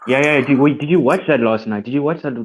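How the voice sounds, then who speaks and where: A man's voice: medium pitch, quick pace, a little hiss or hum. A man calling into a casual football chat, laid-back and saying dude a lot. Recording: dull lo-fi call audio.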